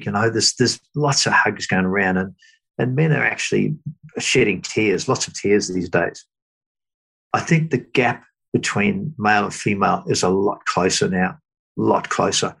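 Husky, gravelly middle-aged man reflecting. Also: on the low side, a bit bright, low-quality recording. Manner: halting, thoughtful, many fillers and restarts. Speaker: guest. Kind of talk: reflective interview talk.

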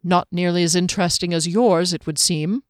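A stiff, proud captain keeping tight control of his words, as a woman reads him. His lines come measured and clipped, in a dry, close storybook reading. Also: high voice, fairly even intonation, no echo, close to an everyday voice.

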